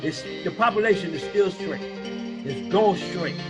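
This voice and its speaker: A man's voice: sits high, expressive, measured pace, over music. A man hosting a casual chat, talking emphatically in street slang with a slight North Louisiana accent. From Los Angeles. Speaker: host.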